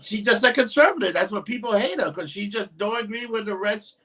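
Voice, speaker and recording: Brash high-voiced New York man. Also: lively intonation, fairly quick, pushed and bright, recorded from a distance. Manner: brash, swearing, laughing often. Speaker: podcast co-host. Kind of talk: casual crude banter.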